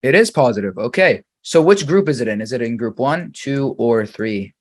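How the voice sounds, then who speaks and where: A man teaching an English grammar lesson, reading example sentences slowly and quizzing the viewer patiently. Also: mid-range voice, expressive.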